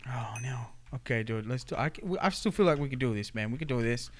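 A man giving excitable, casual commentary while playing a game with a friend, jumping from hushed tones to yelps and laughs. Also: medium pitch, quick pace. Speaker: gaming YouTuber.

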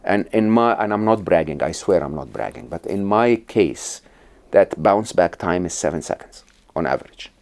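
A man's voice: deep voice, expressive, normal speed, darkish tone. A middle-aged man from Egypt, a podcast guest telling stories and explaining ideas in a conversational interview, with many restarts and check-ins like "right?".

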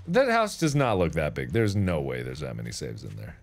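A man in his thirties streaming a game, bantering and teasing his co-player with loud outbursts. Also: rumbling low, wildly swooping pitch, brisk, vocal fry, hardly any pauses. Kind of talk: casual gaming banter.

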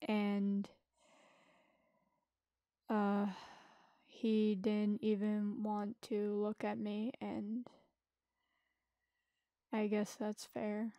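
Slow, halting woman telling a painful story. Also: mid-range voice, completely flat delivery, warm tone, dry recording, muffled recording. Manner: halting, hesitant, many restarts. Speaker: vlogger. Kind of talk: personal confessional storytelling.

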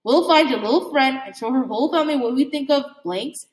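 A woman's voice: high voice, brisk, distant mic, voice pushed down, lightly acted. A woman voicing a menacing teenage boy bully with a taunting, hostile manner. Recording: echoey room.

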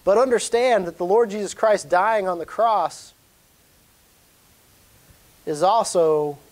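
Male pastor, higher-pitched, earnest sermon delivery with emphatic rises. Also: takes it slowly.

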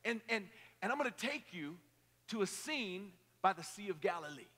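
A man preaching an energetic youth sermon, joking with the crowd and leading call-and-response. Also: sits high, normal speed. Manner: playful, joking, rallying the crowd. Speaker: pastor. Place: large hall at a youth camp. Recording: echoey hall.

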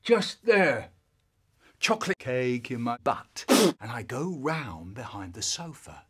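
A man telling a comic nonsense story, swinging between loud outbursts and quiet mutters. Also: sing-song, slow, husky. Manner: wildly swinging pitch and loudness, sudden shouts. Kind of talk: comic monologue, remixed.

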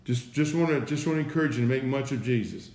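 A man's voice: medium pitch, fast, darkish tone. A man preaching an informal sermon, repeating phrases and firing off rhetorical questions with "right?" and "listen". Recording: echoey room.

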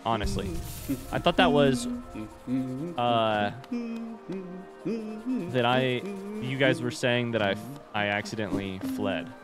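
A man hosting a gaming channel, giving excitable, swearing commentary as he plays. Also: mid-range voice, slow pace, pauses often. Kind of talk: live gameplay commentary. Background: game music.

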